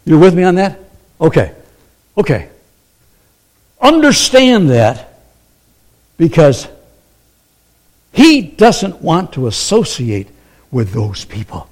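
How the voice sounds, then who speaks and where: Animated preaching man. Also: on the high side, takes it slowly, long pauses. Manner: animated preaching, acts out quoted voices, asks the congregation questions. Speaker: pastor. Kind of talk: sermon.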